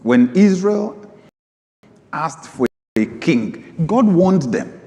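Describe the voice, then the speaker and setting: A man preaching a sermon as pastor, reading scripture aloud, moving from low asides to sudden high, emphatic bursts. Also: very animated, drawn-out words, mellow. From Nigeria. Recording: long hall reverb.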